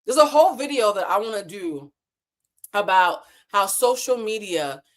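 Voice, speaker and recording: A woman in her thirties hosting a casual livestream from a hotel room. She talks in a candid, animated way and swears freely. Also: medium pitch, moderate pace. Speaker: livestream host.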